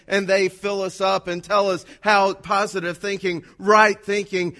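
A man with a high voice delivers a sermon. He preaches with energy and drama, acting out quoted speech as he goes. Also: bright, forceful tone. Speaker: pastor.

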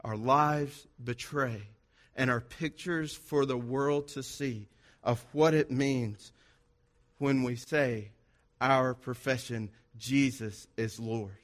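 A man's voice: mid-range voice, takes it slowly, a bit bright. A man preaching a sermon to his congregation, driving his points home with repeated, rhythmic phrases and a sing-song lift on key words. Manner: emphatic, repetitive, rhythmic lists. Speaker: pastor.

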